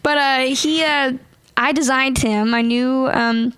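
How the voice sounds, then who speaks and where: A young woman, a ventriloquist guest, chatting in an interview, bubbly and quick to laugh as she tells stories. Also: sits high, steady tone, fairly bright tone, clear, resonant tone, dry recording. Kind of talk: casual interview chat.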